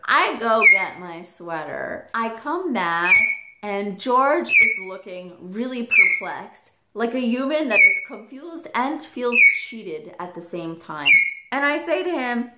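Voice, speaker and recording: A woman vlogger telling a story at home in a lively way, acting out the quoted lines herself. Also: medium pitch. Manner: animated storytelling, acts out quotes. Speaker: vlogger, parrot owner. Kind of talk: storytime vlog. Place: home room with pet parrots. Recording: roomy echo, loud background noise.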